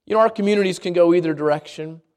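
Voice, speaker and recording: Very high-voiced preacher. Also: male voice, racing. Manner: animated storytelling with repeated restarts. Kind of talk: sermon.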